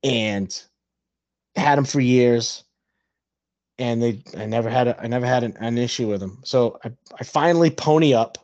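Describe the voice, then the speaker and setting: Animated male podcast host, dry sound. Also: mid-range voice, normal speed, no echo, muffled recording. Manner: animated, acts out both sides of an argument. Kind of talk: casual storytelling chat.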